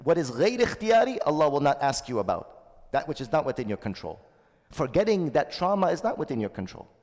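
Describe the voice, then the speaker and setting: A man's voice: on the high side, sing-song, fairly quick, darkish tone, in a large hall. A man delivering a sermon as a shaykh, earnest and repeating his key phrases, with stretches of Arabic recitation. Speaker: shaykh giving a Ramadan talk.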